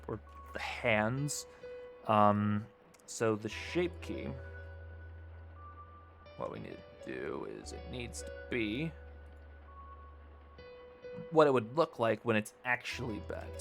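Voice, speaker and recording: A man's voice: mid-range voice, gravelly, a bit bright. A man streaming a casual tutorial, thinking aloud and muttering as he works, with the odd swear. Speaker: streamer teaching 3D modeling.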